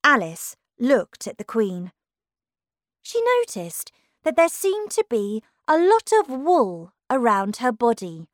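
A woman's voice: a little high, very animated, slow, no room sound, clean studio sound. A woman narrating a children's storybook aloud. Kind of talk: storybook reading.

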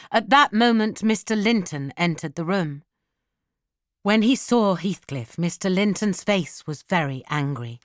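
Slow, low-voiced woman narrating a story. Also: dry recording, clean studio sound. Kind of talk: scripted audiobook narration.

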